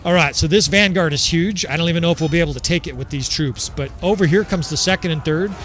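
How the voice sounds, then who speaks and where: Man, slightly higher voice, casual game commentator, swears a lot, faint music underneath. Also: fast talker. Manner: excitable, swears freely, laughs often. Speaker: gameplay commentator.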